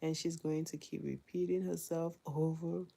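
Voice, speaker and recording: A mother vlogs casually while doing housework, candid and chatty, often breaking into laughter. Her voice sits low and gravelly. It has a dark, husky tone. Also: level tone, moderate pace. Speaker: mother vlogger.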